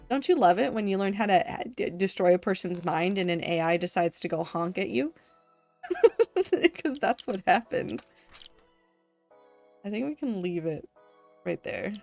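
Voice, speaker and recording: A woman's voice: mid-range voice, lively intonation, normal speed, long pauses, darkish tone. A woman streamer reading a game's text aloud with wry, offhand asides, faint game music behind. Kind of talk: game let's play, reading dialogue aloud.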